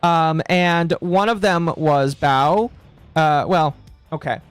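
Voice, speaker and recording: A woman's voice: deep voice, slow pace, clean tone, dry recording. A woman streamer talking casually to her live chat, rambling and repeating herself with frequent laughs. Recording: dry close mic with background music.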